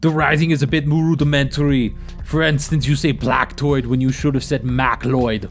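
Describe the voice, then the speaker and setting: A man's voice: mid-range voice, little pitch movement, moderate pace, faint music behind, pitched above the performer's own voice, close to an everyday voice. A man voicing a stern, pompous male master mage who scolds and judges a student's work. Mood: judging. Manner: lofty, disappointed, scolding.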